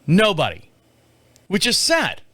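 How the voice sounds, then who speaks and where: A middle-aged man talks through a casual podcast monologue in a bright voice that sits high for a man. He rambles from story to story with animated energy and often mimics other people. The sound is dry and close to the mic, with no room around it. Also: takes it slowly, no room sound. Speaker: podcast host. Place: home studio.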